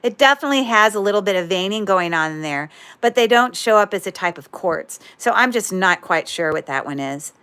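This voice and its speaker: A woman's voice: medium pitch, expressive, brisk, hardly any pauses, bright, forceful tone, clear, resonant tone. A woman hosting a livestream jewelry sale, chatting casually with viewers in a rambling way, breaking off mid-sentence and dropping corny puns.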